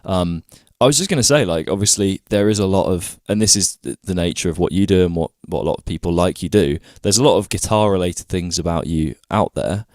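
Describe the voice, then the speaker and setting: A man's voice: sits low, fairly quick, few pauses, darkish tone, no room sound, clean studio sound. A British man hosting a podcast interview, asking questions in a hesitant way with many ums and restarts. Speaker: podcast host.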